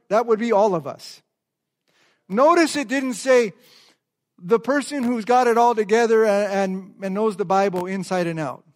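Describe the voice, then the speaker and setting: A man preaching a sermon as pastor, calling on the congregation to repeat phrases and drawing out key words slowly for emphasis. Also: high voice. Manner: call-and-response, asks the congregation to repeat phrases. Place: church service before a congregation.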